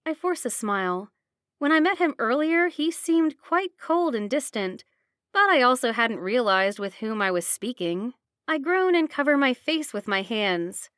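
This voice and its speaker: A woman reading a first-person romance audiobook with steady, expressive narration. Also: fairly high pitch, a little slow, dry recording, clean studio sound.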